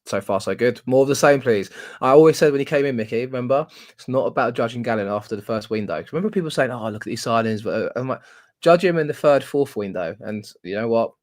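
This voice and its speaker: A man's voice: mid-range voice, animated, fast talker. A man co-hosting a live football podcast, chatting casually with lots of "like" and "mate". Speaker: podcast co-host. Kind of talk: casual live-stream chat.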